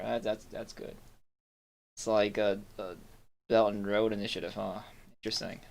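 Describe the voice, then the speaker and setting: A man's voice: lowish voice, flat delivery, moderate pace, vocal fry, long pauses. Man rambling through game commentary. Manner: rambling, lots of filler words. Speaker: streamer. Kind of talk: casual gameplay commentary.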